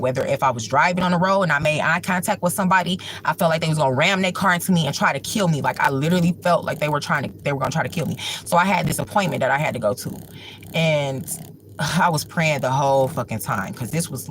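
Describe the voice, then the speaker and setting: A woman's voice: deep voice, slight background noise. A woman hosting a livestream, telling a personal story at home in a rambling way, full of filler words. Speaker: livestream host.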